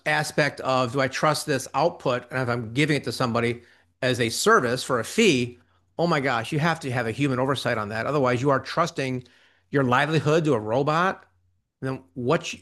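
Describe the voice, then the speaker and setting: A man talking as a guest on an interview show, animated and quick, acting out quoted reactions in between. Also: medium pitch. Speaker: interview guest, ghostwriting business owner. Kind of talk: conversational interview.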